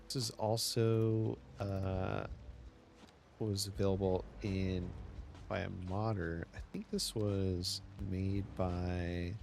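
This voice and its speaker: A man's voice: low voice, level tone, slow pace, creaky, darkish tone, a little hiss or hum. A man streaming a city-building game, chatting casually and telling a rambling story with many restarts. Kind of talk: casual gameplay chat. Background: faint game music.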